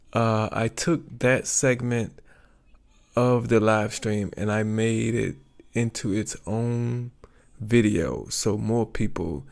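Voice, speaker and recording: A man hosting his livestream in a relaxed, rambling way, often pausing to search for words. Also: on the low side, vocal fry. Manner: rambling, chatty, searches for words with many ums. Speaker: YouTube livestream host. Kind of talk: casual livestream chat.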